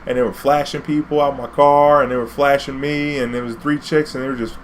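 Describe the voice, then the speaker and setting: A man's voice: medium pitch, steady tone, a little fast, a little hiss or hum, voice pushed up, close to an everyday voice, poor audio. A man voicing a chatty, easygoing male rideshare driver in a retold story, sounding close to his own voice. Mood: excited.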